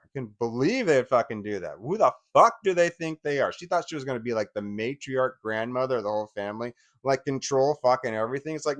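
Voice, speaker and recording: A man's voice: mid-range voice, lively intonation, fast talker, few pauses. A man in his forties giving an angry, profane personal rant, often stumbling and restarting his sentences. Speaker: vlogger.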